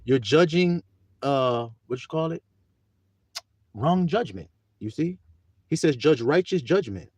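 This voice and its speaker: A man preaching a livestreamed sermon in a folksy, animated way, calling on his listeners and laughing often. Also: fairly high pitch, slow pace, pauses often, slightly rough, no echo, muffled recording.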